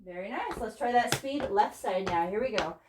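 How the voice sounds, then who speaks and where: A woman's voice: medium pitch, animated, moderate pace. A young woman teaching a tap dance class, counting out beats and cheering students on while out of breath. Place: dance studio. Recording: echoey room with clear noise.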